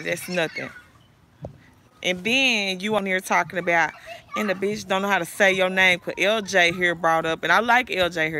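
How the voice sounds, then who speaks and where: A woman's voice: on the low side, sharp tone, a little hiss or hum. A woman hosting a phone livestream, delivering a profane, confrontational rant at viewers she calls out by name. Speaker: livestream host.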